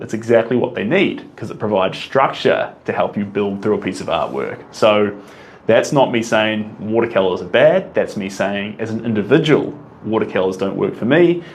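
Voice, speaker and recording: A man's voice: fairly low pitch, lively intonation, moderate pace, a little hiss or hum. A man with a New Zealand accent, an artist answering viewer questions in a casual live Q&A, reading questions out and replying off the cuff.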